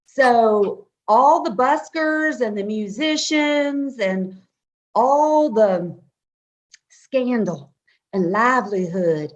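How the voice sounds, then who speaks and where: Southern drawling woman with a higher voice. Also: animated, very slow, muffled recording. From Nashville, Tennessee. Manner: folksy and playful, calls the host honey. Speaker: guest, company CEO. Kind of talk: casual interview chat.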